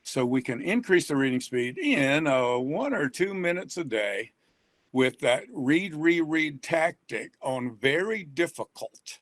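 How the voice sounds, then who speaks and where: A man's voice: fairly high pitch, animated, unhurried, a bit bright, no echo. An older man, an author and reading educator, talking in a folksy, rambling way and chuckling often. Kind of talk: casual online talk.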